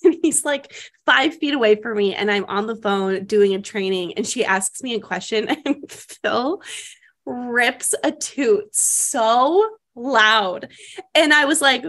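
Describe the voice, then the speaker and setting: A woman's voice: a little high, takes it slowly, fairly bright tone. A young woman co-hosting a casual chat, telling stories and often laughing as she talks. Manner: giggly, laughs through her stories. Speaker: podcast co-host.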